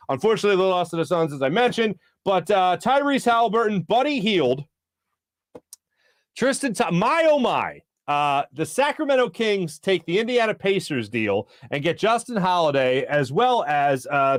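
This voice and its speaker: A man hosting a sports talk show, talking fast and breaking into quick impressions when he quotes people. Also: high voice, no echo, clean studio sound. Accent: Philadelphia. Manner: animated, jumps into voices for quotes. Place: studio.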